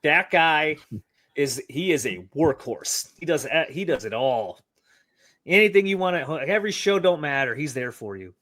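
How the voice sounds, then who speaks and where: Lively high-voiced man gushing with praise. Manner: effusive, halting, restarts his sentences. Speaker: podcast panelist. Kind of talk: casual sports podcast chat.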